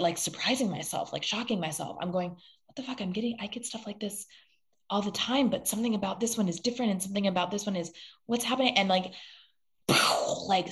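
A woman's voice: low-pitched, creaky. A woman podcast guest and coach, telling an emotional story earnestly, rambling with frequent restarts and the odd swear. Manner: swears when moved. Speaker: guest, self-love coach.

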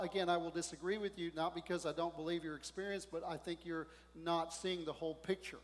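A male pastor preaching a sermon in a conversational, animated way, often asking the congregation questions. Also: a little high, fast talker, few pauses. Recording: long hall reverb.

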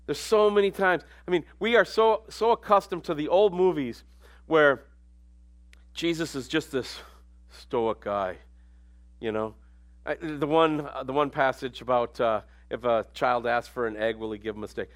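Speaking at normal speed in a mid-range voice, a man delivers a conversational sermon. Quiet asides alternate with moments where he rises to emphatic statements.

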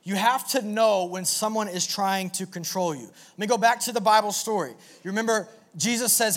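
A man preaching a sermon to a live audience in an animated, energetic way, with call-and-response. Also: high voice, a little fast, hardly any pauses. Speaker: pastor.

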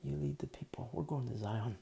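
A man preaching a sermon, emphatic and repetitive, who drops to near-whispers and then rises loud again. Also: medium pitch, fairly quick, gravelly.

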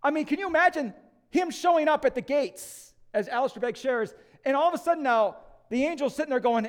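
A male lead pastor preaching an Easter sermon in church. He is emphatic and swings from loud declarations to hushed appeals. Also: very high-pitched, lively intonation, fairly quick.

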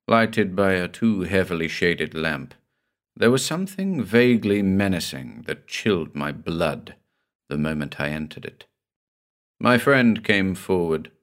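A man narrates a horror tale in a measured, somber manner. His voice is low and his delivery unhurried, as a podcast host reading a scripted story.

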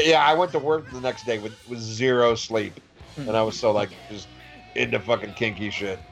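A man's voice: a little high, vocal fry. A man in casual podcast chat, telling a profane story, laughing and stammering as he goes.

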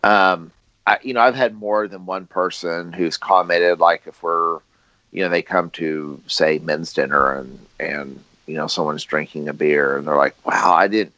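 A man with a very low voice talks haltingly, restarting his sentences often. The recording is dry and dull, with no room sound. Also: steady tone, pushed and bright, no room sound. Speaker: podcast co-host. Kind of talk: casual chat.

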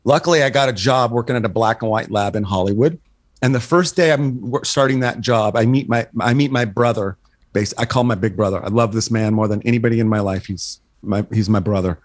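A man's voice: on the low side, fairly quick, no room sound. A man in his sixties, a guest photographer in a casual podcast chat, telling profane stories, acting out dialogue and laughing at his own punchlines. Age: 60s. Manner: animated storyteller, profane, acts out dialogue.

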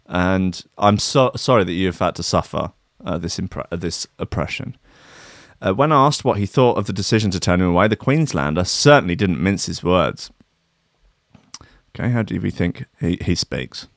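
A man, riffing sarcastically on a news story. He swears freely and rambles, and his pitch swings a lot. The sound is dry and close. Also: animated, moderate pace, dry recording. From Australia. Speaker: comedy commentator. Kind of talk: sarcastic comedic news riff.

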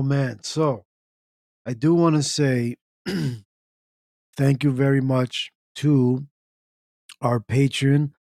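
A man hosting his own podcast in a loose, chatty way, with fillers and some throat clearing. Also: medium pitch, a little mellow, no room sound, studio quality. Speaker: podcast host. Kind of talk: casual solo podcast talk.

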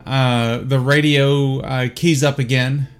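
A man with a Southern US accent narrating as game master in a relaxed, easygoing way, with frequent pauses. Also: medium pitch, faint music behind.

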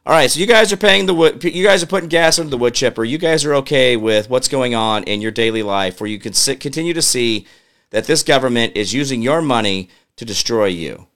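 A man's voice: mid-range voice, expressive, a little fast, fairly bright tone. A man hosting a political commentary show, ranting in an exasperated way and firing questions at his audience. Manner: mutters to himself while working a computer. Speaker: show host.

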